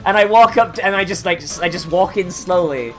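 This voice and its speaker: A man's voice: high voice, a little fast, over loud music. A man streaming a game, telling a story in a rambling, swearing, filler-heavy casual chat.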